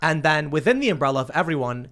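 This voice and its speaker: A man's voice: a little high, very animated, fast talker, a bit bright. Joking man hosting a podcast chat. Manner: joking, playful banter. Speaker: podcast host. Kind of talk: casual chat.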